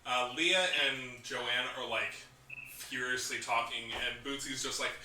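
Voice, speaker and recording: A man narrating a tabletop game as game master, relaxed, often laughing, with many fillers and restarts. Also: medium pitch, a little slow. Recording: roomy, distant mic, faint noise.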